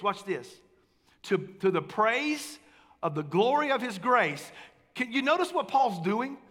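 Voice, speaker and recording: High, bright-voiced preaching pastor. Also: male voice. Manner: conversational, calls for amens, swings between quiet and emphatic. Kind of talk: sermon. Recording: long hall reverb.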